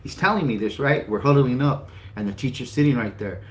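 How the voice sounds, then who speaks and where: A man with a medium-pitched, fairly quick voice co-hosts a casual chat, telling a story animatedly, imitating other people's voices and swearing freely. The recording is roomy with faint background noise.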